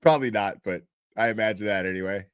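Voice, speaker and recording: A man's voice: fairly low pitch, quick pace, clear, resonant tone, no echo, clean studio sound. A man casually chatting with his stream viewers, swearing often and laughing at his own jokes. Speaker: streamer talking to chat. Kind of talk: casual livestream chat.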